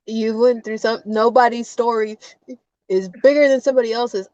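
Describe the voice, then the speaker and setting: A woman's voice: a little high, steady tone, darkish tone, dry recording. Tearful breathless woman, lo-fi stream. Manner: apologetic, halting, breaks into nervous laughs. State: crying, short of breath. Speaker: interview guest, survivor sharing her story. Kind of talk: emotional live video chat. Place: inside a car.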